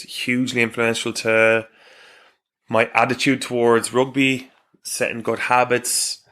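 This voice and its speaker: In a relaxed interview chat, a guest who plays rugby professionally, an Irishman in his thirties, shares candid anecdotes, laughing and cursing along the way. He speaks at a medium pitch with a fairly bright tone.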